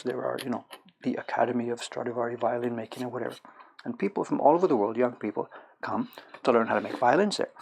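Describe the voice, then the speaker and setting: A man's voice: medium pitch, gravelly, husky. A middle-aged man from Canada chatting casually on a livestream as a woodblock printmaker, rambling and self-correcting as he tells stories. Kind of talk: casual chat while working.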